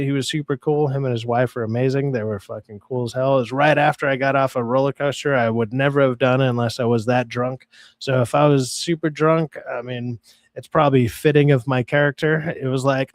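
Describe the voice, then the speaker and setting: A man's voice: medium pitch, fairly even intonation, fairly quick, dry recording. Man hosting a stream, casual and profane, dry close mic. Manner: loose, profane, joking. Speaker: stream host. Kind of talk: casual live-stream chat.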